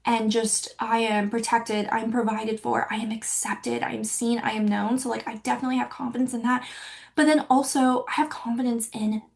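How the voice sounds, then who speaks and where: A woman in her early thirties talks openly and casually, full of little fillers as she hosts her own podcast. Her voice sits a bit high, with a gravelly fry at the ends of phrases. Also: level tone, normal speed, a little mellow. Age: 30s. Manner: candid and chatty, many likes and you-knows. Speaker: podcast host. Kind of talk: personal reflective monologue.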